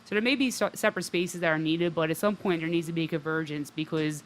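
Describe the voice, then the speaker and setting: A woman's voice: deep voice, quick pace, a little hiss or hum. A woman talking as a guest on a radio interview, recounting her experiences and advocacy in a chatty way with lots of "like" and "um". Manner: chatty, fills speech with "like" and "um". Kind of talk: conversational interview.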